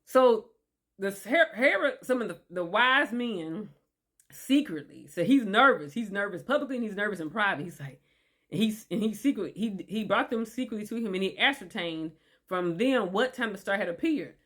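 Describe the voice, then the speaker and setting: A woman reading scripture aloud and commenting on it in a chatty, animated way, rephrasing often and talking directly to her listeners. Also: mid-range voice, moderate pace. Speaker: Bible teacher. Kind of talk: casual Bible study commentary.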